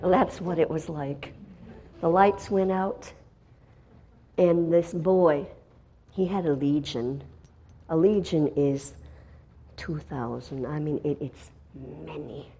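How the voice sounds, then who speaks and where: A middle-aged woman giving a spoken testimony as a missionary, telling her story dramatically and swinging from hushed tones to loud, excited bursts. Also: low voice, takes it slowly, pauses often, slightly rough.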